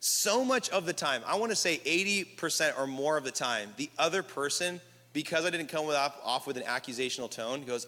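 A man preaches to a packed room, his voice bright and forceful, with a long reverb trailing each line through the hall. He talks casually and keeps the crowd involved, calling out for them to repeat after him. His pitch sits slightly high for a man. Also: a little fast. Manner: energetic, leads the crowd in call-and-response. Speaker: pastor. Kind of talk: sermon. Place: large hall with live audience.

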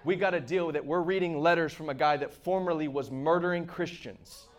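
A man preaching a sermon with passion, moving between shouts and hushed asides. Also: a little high, fairly quick.

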